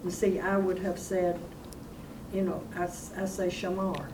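A woman's voice: on the low side, little pitch movement, a little slow, warm tone. A woman student answering in class, hesitant and working things out aloud. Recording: distant mic with background noise.

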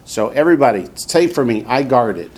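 A man's voice: mid-range voice, expressive, moderate pace, a little mellow, a little hiss or hum. A man teaching a classroom lesson, patiently drilling students and repeating each word for them to copy. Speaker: Hebrew teacher. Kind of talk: classroom instruction.

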